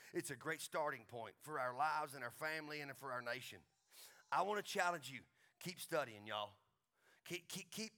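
A man with a Texas accent preaching a folksy sermon as pastor, building to excited crescendos and closing in prayer. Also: a little high.

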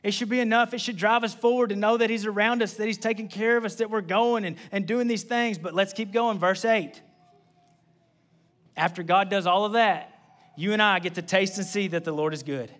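A young adult man preaching a sermon in a casual, conversational way, repeating key phrases and adding quick asides. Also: high voice, steady tone, a bit bright. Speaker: pastor.

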